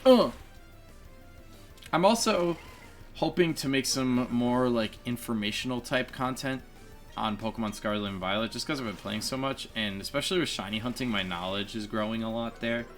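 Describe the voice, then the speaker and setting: A man's voice: medium pitch, moderate pace, soft background music. A man giving casual, chatty commentary on his own gameplay, laughing often and poking fun at himself. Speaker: let's play gamer.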